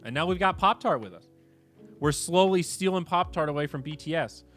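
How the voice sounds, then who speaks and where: Guy streamer just chatting, swears a lot, gets hyped then mumbles, soft music behind. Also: fairly quick. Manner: animated, swearing, swings between low mutters and excited outbursts. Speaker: streamer host. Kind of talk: casual livestream chat.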